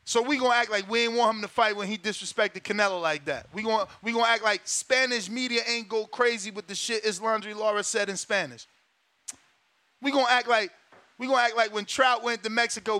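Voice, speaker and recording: High, bright-voiced man ranting. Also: clean tone, no echo. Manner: emphatic, profane, repeats himself. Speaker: boxing show host. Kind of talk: casual talk show rant.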